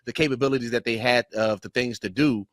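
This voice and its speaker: A man's voice: mid-range voice, steady tone, quick pace, dry recording. A man co-hosting a podcast, rambling in a laid-back way with many fillers. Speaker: podcast co-host. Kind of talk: casual chat.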